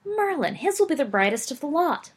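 A woman voicing a cocky, mischievous schoolboy who teases and boasts, pitched well above her own reading voice. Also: very animated, fairly quick. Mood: gleeful. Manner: boastful, teasing.

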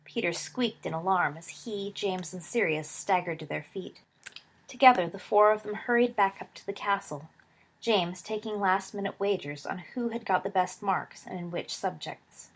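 A woman reading a story aloud as narrator, steady, dropping low and soft for dialogue tags. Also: moderate pace, slightly rough. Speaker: reader.

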